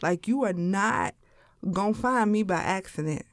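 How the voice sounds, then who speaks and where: A woman chatting casually on a podcast, telling stories and acting out her own thoughts in high voices. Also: animated, moderate pace, no echo, clean studio sound. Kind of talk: casual chat.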